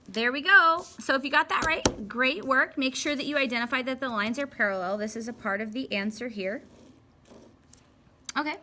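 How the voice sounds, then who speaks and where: A young woman walks through a math lesson in a bright, crisp voice, chatting and joking with herself as she works each problem. Her delivery is casual and playful rather than formal. A faint background noise sits under the recording. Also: sits high. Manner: chatty, playful, talks to herself while working. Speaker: math teacher.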